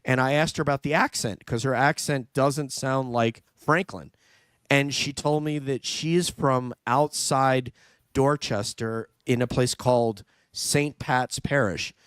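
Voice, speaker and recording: Smooth-voiced man hosting a livestream. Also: medium pitch, a little slow, a bit bright, no room sound, studio quality. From New York. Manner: chatty, reads out live chat. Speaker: livestream host. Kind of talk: casual livestream chat.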